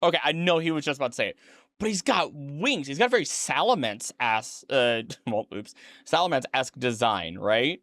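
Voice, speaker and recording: A man's voice: mid-range voice, lively intonation, normal speed, fairly bright tone, no room sound, clean studio sound. A tired man streaming his reaction to a documentary, rambling, self-correcting and making chatty asides. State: tired, yawning late at night. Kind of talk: casual reaction commentary.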